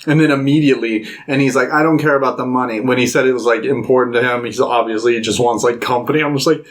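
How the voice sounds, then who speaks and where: A man co-hosting a podcast, chatting casually about films, acting out scenes in high voices and laughing often. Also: fairly even intonation, fast. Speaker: podcast co-host. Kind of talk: casual film chat.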